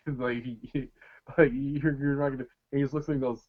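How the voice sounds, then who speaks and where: A man co-hosting a casual podcast, retelling scenes loudly with plenty of swearing and laughter. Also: mid-range voice, steady tone, brisk. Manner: loud, laughing, profane storytelling. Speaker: podcast co-host. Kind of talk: casual chat. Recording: dull lo-fi sound.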